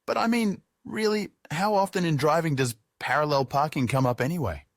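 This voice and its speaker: A man's voice: a little high, fairly quick, dry recording, studio quality. A man narrating his own audiobook in the first person, sardonic and freely profane.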